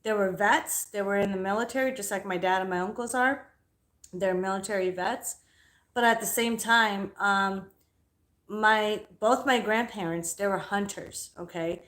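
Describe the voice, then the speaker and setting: A young woman hosting a livestream, telling a story in a casual, animated, profane way. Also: mid-range voice, moderate pace. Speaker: livestream host.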